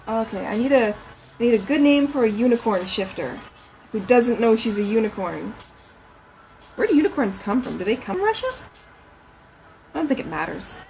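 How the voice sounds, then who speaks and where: A woman's voice: medium pitch, a little mellow, a little hiss or hum, low-quality recording. A woman novelist chatting on a casual livestream from home, rambling and reading names aloud as she thinks.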